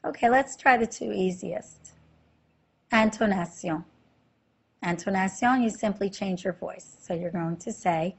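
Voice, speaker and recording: A woman talks through a slide-based language lesson in an airy, breathy voice. She explains each step patiently and keeps asking the listener short questions to check along. Her pitch sits in an everyday middle range. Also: highs cut off. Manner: slow, clear explanations with quizzing questions. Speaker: French teacher.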